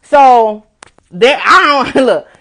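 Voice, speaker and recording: A woman blogger telling a story in a casual, animated way, swearing freely and repeating phrases for emphasis. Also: high-pitched, very slow.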